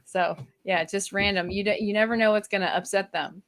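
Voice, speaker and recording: A woman's voice: mid-range voice, steady tone, fairly quick, a bit bright. A woman co-hosting a casual podcast at home, reflective and full of "you know" fillers. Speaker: podcast co-host. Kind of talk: casual chat. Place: at home with a toddler nearby.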